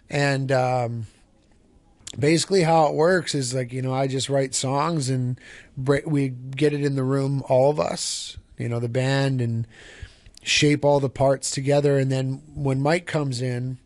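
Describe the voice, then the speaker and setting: A man who sings in a band tells a story in an interview, looping back and restarting his sentences and cursing freely. His voice sits at a middling pitch, and it is recorded close and dry with no room sound. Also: fairly even intonation, unhurried, darkish tone, no room sound. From Canada. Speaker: band singer and songwriter. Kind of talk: casual interview answers.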